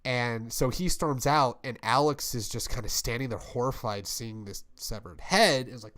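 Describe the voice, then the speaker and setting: A young adult man in casual chat, rambling and swearing as he pitches a story and acts out its quotes. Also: moderate pace, a bit bright. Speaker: podcast co-host.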